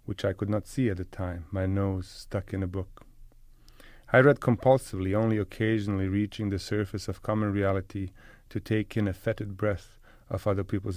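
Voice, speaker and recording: A man with a low, grounded voice reads first-person literary prose at an unhurried pace. His delivery stays measured and deliberate throughout. The sound is close and completely dry, with no room echo. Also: a little mellow. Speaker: narrator. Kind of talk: scripted literary narration.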